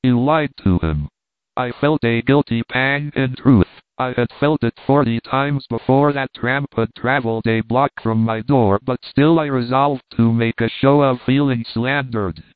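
A man reads a story aloud, steady and deliberate, in a smooth, resonant voice. The sound is dry and squeezed into a tinny, phone-like band. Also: medium pitch, dry recording. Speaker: narrator. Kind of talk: audiobook reading.

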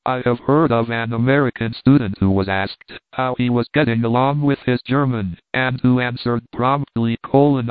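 A man giving a scripted narration of a humorous essay in a steady, measured reading style. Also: mid-range voice, dry recording. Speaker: audiobook reader. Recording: dry, phone-like narrow band.

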